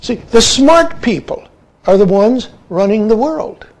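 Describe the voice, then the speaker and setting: A man's voice: high voice, expressive, measured pace, low-quality recording. A man, a Zen teacher, giving an emphatic dharma talk and often saying "see" as a verbal tic.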